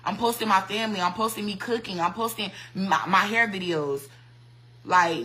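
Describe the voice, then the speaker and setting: A woman hairstylist vents on a phone livestream, loud and blunt, swearing freely as she fires back at her critics. Her voice sits a little high and rings bright and forceful. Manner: profane, blunt and combative, talks loud on purpose. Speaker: hairstylist and social media creator. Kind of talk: heated livestream rant. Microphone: phone mic.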